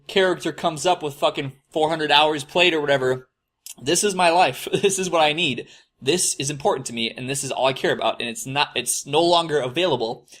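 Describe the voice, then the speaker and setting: A bright, forceful young man rambles through a confessional monologue, swearing nearly every line. He talks in a slightly high voice and keeps poking fun at who he used to be. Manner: rambling, swears constantly, mocks his past self. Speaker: host.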